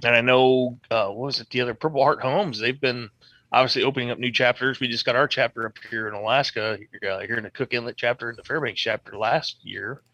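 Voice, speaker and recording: Podcast guest dude, earnest, lots of "you know", bright punchy voice. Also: male voice, medium pitch, steady tone, quick pace, no room sound. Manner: earnest, loose, lots of fillers and swearing. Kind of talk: casual chat.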